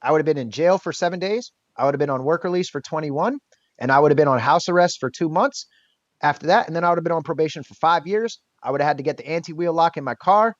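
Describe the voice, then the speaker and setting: A man's voice: on the high side, quick pace, no room sound. Man telling a story, dull lo-fi sound. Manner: lively storyteller acting out what others said. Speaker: podcast guest. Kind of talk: casual storytelling in an interview.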